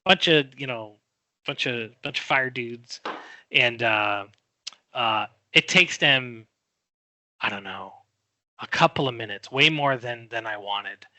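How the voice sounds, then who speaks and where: A middle-aged man telling a story in a podcast chat, animated and quick to act out what people said. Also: medium pitch, no room sound. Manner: animated storyteller, acts out quoted voices. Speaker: guest.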